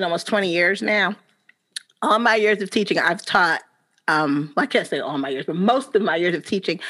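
Lively bright-voiced woman telling stories. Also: mid-range voice. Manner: animated, lively storyteller with frequent restarts. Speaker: teacher, podcast guest. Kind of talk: casual storytelling in an interview.

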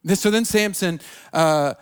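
A man's voice: sits high, measured pace, smooth. A man preaching a sermon, retelling a Bible story with casual asides and acting out its characters' lines. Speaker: pastor.

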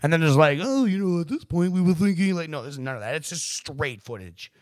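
A man's voice: fairly high pitch, expressive, a little fast. A man on a casual podcast, rambling and swearing as he acts out quotes in voices. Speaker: podcast co-host.

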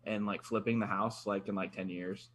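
Low-voiced rambling podcast host. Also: male voice, fairly even intonation, a bit bright, a little hiss or hum. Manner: rambling, halting restarts. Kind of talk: casual chat.

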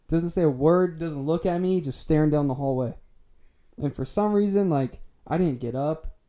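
Young male co-host, slightly high voice with a mellow, relaxed tone, rambling and cursing casually as he tells a story. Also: normal speed. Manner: laid-back, swears freely, lots of fillers. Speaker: podcast co-host telling a story. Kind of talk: casual storytelling among friends.

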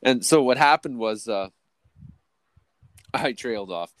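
A man co-hosting a podcast spins a long, rambling story, swearing in nearly every line and tripping over restarts as he goes. His voice sits at an ordinary middle pitch, and the sound is close and dry with no room echo. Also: expressive, a little slow. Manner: profane, rambling, full of restarts and "or whatever, right"; jumps to a much higher, louder voice when quoting people. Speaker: podcast co-host. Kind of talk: casual storytelling chat.

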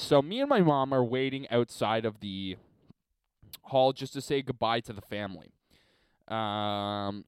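A man's voice: mid-range voice, a little mellow, dry recording. Profane rambling man hosting a podcast. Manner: rambling, profane, laughs at his own story. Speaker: podcast host. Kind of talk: casual solo podcast storytelling.

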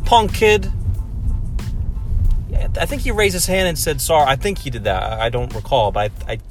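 A man telling a story in casual chat, animated and repeating himself for emphasis. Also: on the high side, moderate pace, soft background music.

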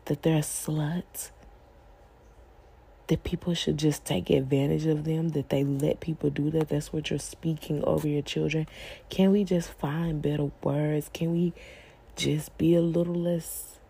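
Woman host, husky and mellow, earnest and pleading parenting talk. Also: deep voice, fairly even intonation, a little slow. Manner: earnest, pleading, rhetorical questions. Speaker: podcast host. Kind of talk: faith-based parenting talk.

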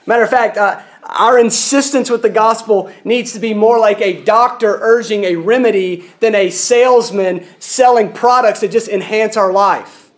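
A male preacher with a notably high voice delivers a sermon. He speaks earnestly and often pleads with his listeners, repeating words as he starts each thought. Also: normal speed, hardly any pauses.

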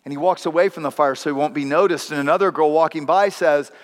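A man's voice: fairly high pitch, fast. A male pastor preaching a sermon, telling stories with acted voices and wry asides. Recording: long hall reverb.

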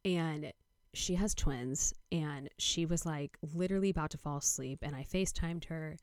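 In a casual storytelling monologue, a young adult woman who hosts a podcast speaks at a moderate pace in a low voice. The tale wanders, heavy on "like" and on quoting others, and the audio is clean studio sound without echo.

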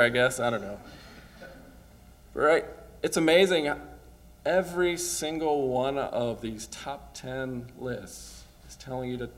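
A man's voice: mid-range voice, fairly bright tone, slight background noise. A male pastor giving a casual, conversational sermon, often asking "right?" and chuckling as he talks.

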